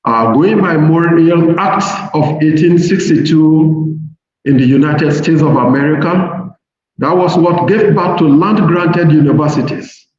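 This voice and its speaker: A middle-aged Nigerian-accented man delivers a university seminar lecture in a slow, deliberate manner, leaning on key words. His voice sits a little high for a man. It booms around a very reverberant hall and comes through dull and lo-fi with a faint hiss. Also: a little mellow. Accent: Nigerian English. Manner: measured, deliberate, slows to stress key points. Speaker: professor giving a seminar lecture. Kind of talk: academic lecture reading from slides. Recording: very echoey hall, dull lo-fi sound, faint noise.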